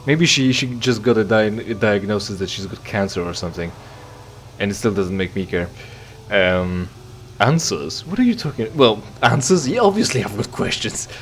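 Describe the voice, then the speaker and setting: A man's voice: lowish voice, lively intonation, moderate pace, a little hiss or hum. Sarcastic rambling male gamer. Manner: sarcastic, rambling, reads game dialogue aloud. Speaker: let's play commentator. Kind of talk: casual gameplay commentary.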